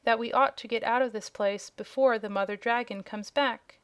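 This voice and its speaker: Casting: woman doing a wary old wizard, careful and anxious, clear smooth tone, storybook. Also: fairly high pitch, fairly even intonation, dry recording, natural voice. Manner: anxious, measured. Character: cautious old male wizard.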